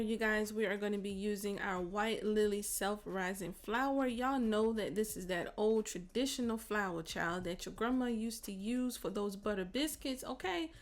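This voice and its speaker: A woman hosting a cooking tutorial in a casual, chatty voice-over, sassy and playful, calling her viewers "baby" and "child". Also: mid-range voice. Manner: playful, teasing asides. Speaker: cooking channel host.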